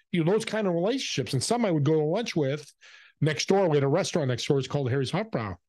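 A male podcast guest telling an anecdote, animated and acting out the people in his stories. His voice sits a little high for a man. The recording is dry and close. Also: fast, no room sound. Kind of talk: anecdotal storytelling.

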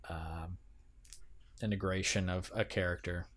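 A man's voice: deep voice, fairly even intonation, a little slow, a bit bright. A man co-hosting a movie podcast in casual chat, hesitant, with many ums and restarts. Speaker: podcast co-host.

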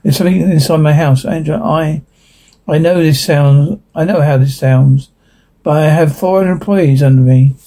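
A man's voice: fairly high pitch, moderate pace, dark tone. A man reading the part of an anxious middle-aged mother who pleads urgently with a priest. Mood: pleading.

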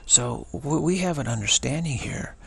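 Gravelly, husky man giving an emphatic spiritual talk. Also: mid-range voice, animated, normal speed. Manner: emphatic, repeats and restarts words. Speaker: spiritual teacher.

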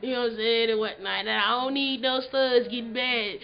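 Woman vlogger, high voice, brash and foul-mouthed, slightly lo-fi sound. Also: fairly even intonation, brisk, vocal fry. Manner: profane, boisterous, rambling. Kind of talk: casual vlog chat.

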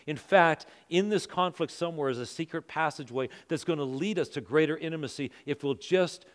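A middle-aged pastor preaches in a large church, his fairly high voice carrying a long hall reverb. He tells stories in a lively way and voices his own inner thoughts as he goes. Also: fairly quick. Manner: storytelling, acts out his own thoughts with rising intensity. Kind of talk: sermon. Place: church auditorium.

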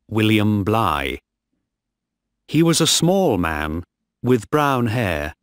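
A man reads a simple story for English learners, pausing between short, clear phrases. His voice is low and very slow, with a lively rise and fall. The sound is dry and close. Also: no echo. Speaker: narrator.

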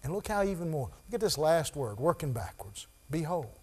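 A man preaching a sermon in a church, building from quiet talk to loud, high-pitched preaching. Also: big pitch swings, fairly quick, few pauses, husky. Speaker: pastor.

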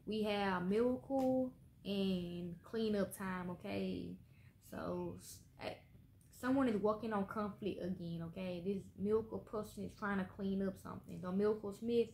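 A woman's voice: medium pitch, darkish tone. A woman doing a casual tarot reading for viewers, blunt and heavy on swearing, tagging her lines with "okay?". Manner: blunt and profane, swearing often; trails off with repeated "okay?" tags. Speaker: tarot card reader. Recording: echoey room with faint background noise.

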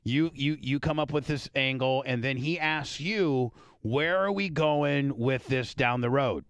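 Profane, excitable radio host. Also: male voice, medium pitch, measured pace, no room sound, studio quality. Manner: profane, excitable, repeats himself. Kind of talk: casual interview chat.

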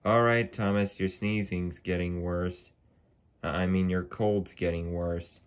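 A man doing a brisk, caring toy engine. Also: sits low, fairly even intonation, clean tone. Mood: reassuring.

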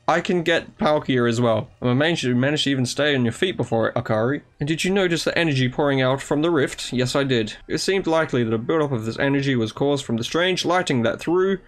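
A young man giving let's play commentary, excitable and sarcastic, who swears and reads the game's dialogue aloud. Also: mid-range voice, fairly quick. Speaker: gaming YouTuber.

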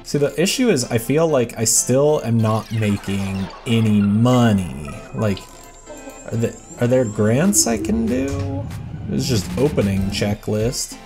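A man's voice: medium pitch, very animated, takes it slowly, creaky, dark tone, faint music behind. A man giving casual, rambling gameplay commentary as a let's play host, self-deprecating and chatting to the characters on screen.

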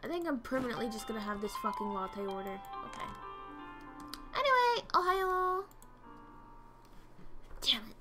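A woman's voice: medium pitch, fast talker, few pauses, music in the background. A woman streaming a game, chatting casually, reading orders aloud and swearing when things go wrong. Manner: excitable, swears, reads game dialogue aloud. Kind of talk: casual gameplay commentary.

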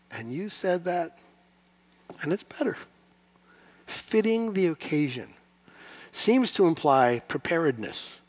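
A man preaching a sermon to his congregation, asking rhetorical questions and building to loud, emphatic peaks. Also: medium pitch. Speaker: pastor.

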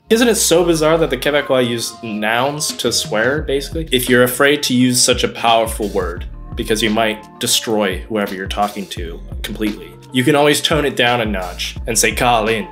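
Playful man hamming up a comedy explainer. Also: medium pitch. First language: English. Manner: joking, playful, mock-dramatic. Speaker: YouTube host.

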